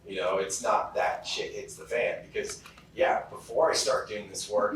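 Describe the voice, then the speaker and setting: This keynote speaker from California tells motivational stories in a loose, filler-heavy style, his voice low-ish, steady, slightly bright and moderately paced. The recording comes from a distance in a hall full of echo.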